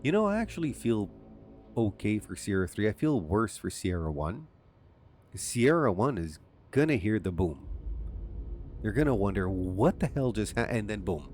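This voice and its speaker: A man's voice: fairly low pitch, big pitch swings, moderate pace, a little mellow, soft background music. A man from Canada giving rambling, self-amused commentary while playing a game as a channel host. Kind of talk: casual let's-play commentary.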